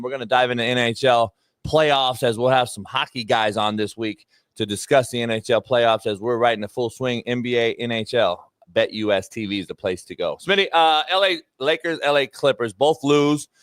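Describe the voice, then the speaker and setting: A man's voice: mid-range voice, normal speed, fairly bright tone, smooth, dry recording, clean studio sound. A man hosting a sports talk show, ranting emphatically and with plenty of profanity about basketball.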